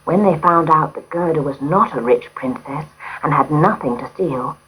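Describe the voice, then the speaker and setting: A woman narrating a storybook in a gentle, expressive way. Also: deep voice, moderate pace, slightly rough, rough recording.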